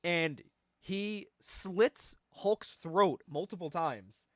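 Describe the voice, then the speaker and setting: A man hosting a casual podcast about comics, animated and rambling, laughing often. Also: high-pitched, extremely slow, no echo, studio quality. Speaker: podcast host.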